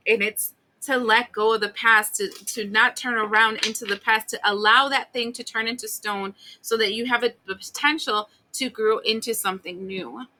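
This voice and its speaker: A woman giving a casual tarot reading, blunt and animated, swearing and acting out the listener's complaints. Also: a little high, normal speed, few pauses, a little hiss or hum. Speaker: tarot reader.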